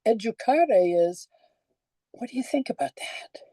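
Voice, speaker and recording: A woman's voice: fairly high pitch, animated, unhurried, dark tone, no room sound, low-quality recording. An older woman pastor giving a conversational sermon, telling stories and asking the congregation questions.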